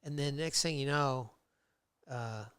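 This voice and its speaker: A man guesting on a podcast, telling his work history in a rambling, casual way with many fillers, and getting animated when he retells old conversations. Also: mid-range voice, a little slow, clear, resonant tone, no echo, clean studio sound. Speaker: podcast guest, metal fabricator. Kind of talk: casual interview storytelling.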